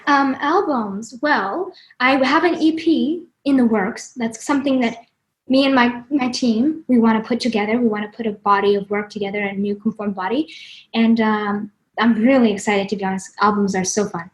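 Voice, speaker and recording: A woman with a high, bright-pitched voice talks effusively over a video call. She gushes and gets emotional easily, chatting casually as a musician guest. The sound is that of a home call mic. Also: steady tone, normal speed, low-quality recording. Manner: effusive and gushing, often emotional.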